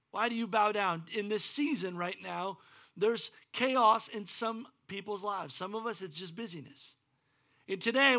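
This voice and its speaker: A man preaching a sermon as pastor, animated and acting out the scripture quotes in varied voices. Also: high voice. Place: church.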